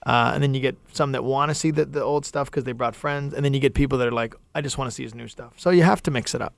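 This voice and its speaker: Gravelly Canadian comedian telling stories. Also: male voice, medium pitch, fast, dry recording. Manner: animated storyteller, acts out quotes. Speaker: comedian guest. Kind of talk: casual radio chat. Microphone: studio microphone.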